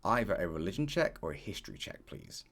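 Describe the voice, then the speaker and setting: A man narrating as dungeon master in a tabletop game, setting scenes in a measured way with frequent fillers. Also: low voice, wildly swooping pitch, gravelly, fairly bright tone, breathy edge.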